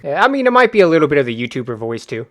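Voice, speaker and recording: Brief: young podcast guest, low-key and hesitant, voice a touch high. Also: male voice, very animated, rapid-fire, a bit bright. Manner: laid-back, reserved, hesitant with fillers. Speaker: podcast guest, gaming YouTuber. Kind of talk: casual podcast chat.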